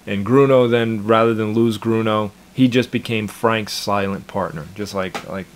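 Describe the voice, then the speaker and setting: A man's voice: fairly low pitch, fairly even intonation, normal speed, a little hiss or hum. A man in his thirties, a cartoon creator casually chatting in an interview, rambling and repeating his words with chuckles.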